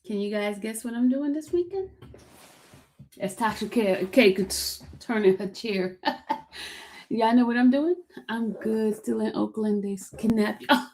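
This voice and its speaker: A woman hosts a relaxed livestream, her voice sitting a little high. She chats directly with her viewers, greets them by name and circles back over the same lines again and again. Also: measured pace. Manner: chatty, repeats herself, calls out to viewers by name. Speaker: livestream host. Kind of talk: casual livestream chat. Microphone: streaming setup.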